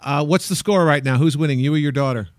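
A man's voice: on the high side, fast talker, no room sound, clean studio sound. A man hosting a podcast in casual interview chat, laughing easily and joking. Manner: laughs easily, jokey and relaxed. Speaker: podcast host.

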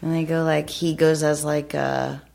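A woman's voice: deep voice, little pitch movement, measured pace, vocal fry, a little mellow. A woman chiming in on a podcast chat, prompting stories with hesitant interjections. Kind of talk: casual chat.

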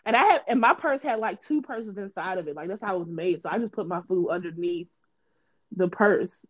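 A woman co-hosting a casual chat, telling animated, swearing stories with friends. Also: medium pitch, brisk. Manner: animated storytelling, swears freely. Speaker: podcast co-host. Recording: dull lo-fi sound.

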